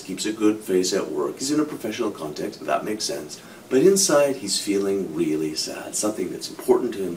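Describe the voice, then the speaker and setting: Speaking to camera from a distance, with a faint low rumble in the recording, a middle-aged psychologist animatedly explains his ideas using hypothetical examples. "Kind of" comes up often in his explanatory talk.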